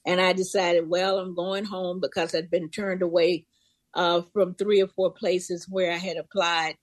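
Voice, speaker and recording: A woman's voice: fairly low pitch, flat delivery, unhurried, no echo. Older woman telling her life story. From Memphis. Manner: vivid storyteller, acts out voices in quotes. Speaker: interview guest. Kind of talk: personal storytelling.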